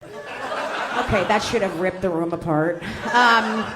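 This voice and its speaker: A woman's voice: mid-range voice, slow. A woman in her forties, a stand-up comedian doing brash, profane, teasing crowd work on a club stage. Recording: live club with audience laughter and noise.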